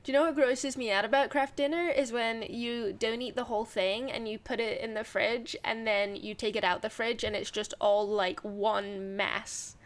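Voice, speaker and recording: A woman's voice: a little high, steady tone, normal speed, hardly any pauses. A woman co-hosting a podcast in casual chat, teasing her co-host and laughing often.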